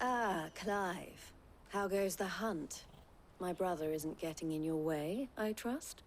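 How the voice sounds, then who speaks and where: A woman's voice: on the low side, takes it slowly. An actress playing a gracious but shrewd businesswoman in a video game cutscene, with faint music behind. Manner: polished, gracious, shrewdly teasing. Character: shrewd businesswoman running a caravan company.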